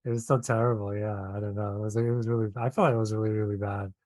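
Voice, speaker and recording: A man's voice: lowish voice, little pitch movement, very fast, a little mellow, no room sound. A man co-hosting a casual chat, hesitant and full of fillers, laughing often. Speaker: podcast co-host.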